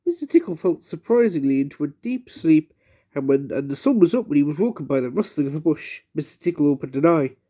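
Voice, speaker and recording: Expressive storybook reader. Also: mid-range voice, fast talker. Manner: expressive, gasps for effect. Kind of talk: children's story read-aloud.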